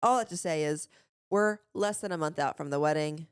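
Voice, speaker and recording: A young woman co-hosting a podcast, chatting casually about her upcoming wedding, with frequent vocal fry. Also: low-pitched, brisk, dry recording, studio quality. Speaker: podcast co-host. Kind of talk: casual chat. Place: small room.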